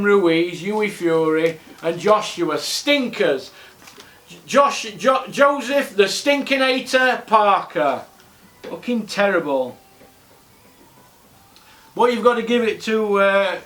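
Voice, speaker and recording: Man, high-pitched, blunt ranting host, scornful rhetorical questions, roomy echo. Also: fairly bright tone. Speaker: boxing vlog host. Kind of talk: ranting monologue.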